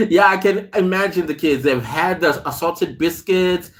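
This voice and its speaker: A man hosts a casual live stream, reading out viewer comments and greeting people by name. He speaks at an unhurried pace in a somewhat high voice. His stories wander in a chatty way, broken up by laughs. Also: a bit bright. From South Africa. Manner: reads viewer comments aloud and greets them; chatty storytelling with frequent laughs. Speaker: host.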